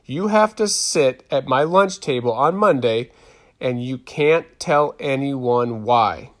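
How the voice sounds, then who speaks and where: A man's voice: mid-range voice, slow, close to an everyday voice. A man voicing Summer, a teasing, pushy middle-school girl. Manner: teasing, pressing.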